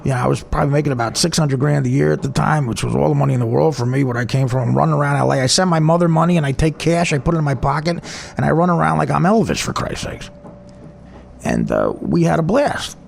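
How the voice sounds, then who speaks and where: A man's voice: on the high side, lively intonation, quick pace, gravelly, slight background noise. A man with a New Jersey accent, a comedian telling a personal story in a rambling, profane, self-mocking way.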